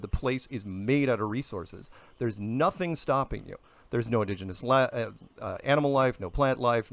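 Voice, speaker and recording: A man's voice: medium pitch, no echo. Insistent man arguing on a dry close mic. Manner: insistent, interrupting, rising to emphatic outbursts. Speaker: flat earth guest. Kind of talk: heated radio debate.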